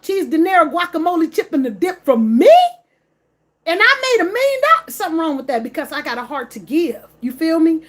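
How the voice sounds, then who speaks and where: A woman with a very high, slightly mellow voice vlogs straight to camera in a casual rant. She's emphatic and repetitive, and her language is full of slang.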